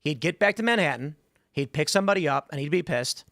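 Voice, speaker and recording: A male host with a somewhat high voice rambles through a story and slips into the voices of the people in it. He talks fast at times. The sound is dry and close, with no room around it. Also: animated, a bit bright, dry recording. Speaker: show host. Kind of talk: casual studio chat. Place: studio.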